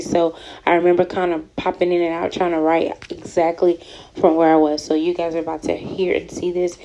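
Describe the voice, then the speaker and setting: A woman in her thirties from Houston reads aloud from her own story, pausing often with soft ums and stopping to comment. Her voice is low, gravelly and mellow. The recording sounds muffled and lo-fi. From Houston, Texas. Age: 30s. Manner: frequent ums, soft and halting. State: emotional, near tears. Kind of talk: reading aloud with personal comments.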